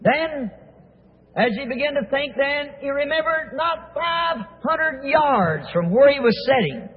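A man preaching a sermon, retelling the story with vivid detail and frequent restarts, on a tinny, echoey old recording. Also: extremely high pitch.

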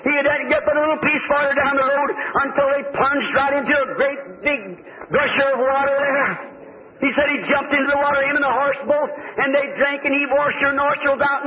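Man, preacher, folksy storytelling sermon, very high voice, faint hiss. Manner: homespun, drawling, rises to fervent exclamations. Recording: tinny lo-fi old recording with faint hiss.

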